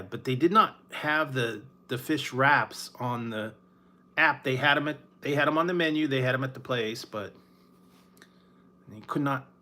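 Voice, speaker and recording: Laid-back rambling man, bright voice. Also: mid-range voice. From Northern California. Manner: rambling, laughs often, sighs. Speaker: food reviewer. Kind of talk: casual late-night chat.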